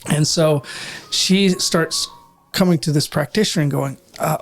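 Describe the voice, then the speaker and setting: A man's voice: on the high side, measured pace, soft background music. Chatty man in his forties, podcast guest. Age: 40s. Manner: chatty, laughs easily, rambling. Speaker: podcast guest, company representative. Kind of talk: casual interview chat.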